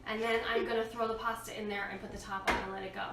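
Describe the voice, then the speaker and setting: A woman's voice: mid-range voice, level tone, racing, heavy background noise. A woman in her thirties hosting a casual cooking demonstration in her home kitchen, chatting to viewers and coaching her kids as she cooks. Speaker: host of a home cooking show, mother. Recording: echoey kitchen, far from the mic, clattering dishes. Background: clinking cutlery and dishes.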